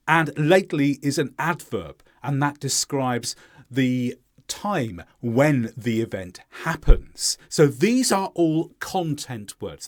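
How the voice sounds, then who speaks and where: Brief: male English teacher with a lively, sing-song delivery who demonstrates stress patterns slowly and clearly. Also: medium pitch. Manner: clear, deliberate modeling of stressed words. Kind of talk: pronunciation lesson.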